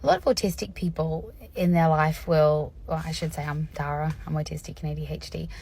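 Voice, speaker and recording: Low, husky-voiced woman vlogging. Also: a little fast, a little mellow. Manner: candid, chatty, laughs often. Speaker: vlogger sharing personal experience. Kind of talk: casual educational talk to camera.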